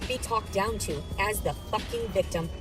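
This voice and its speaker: A woman's voice: mid-range voice, normal speed, soft background music. A woman in a filmed clip ranting angrily with constant swearing. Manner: ranting, furious, heavily profane. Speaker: vlogger in clips. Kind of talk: angry monologue to camera.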